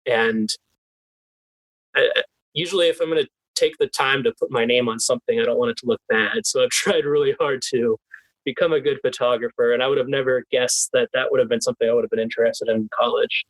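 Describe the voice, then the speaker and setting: Young adult male guest, mid-pitch, lively, chuckling through his answers, dry and close. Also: fast talker, dry recording, poor audio. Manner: animated, laughs often, restarts. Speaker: guest, team PR specialist. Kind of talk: casual interview chat.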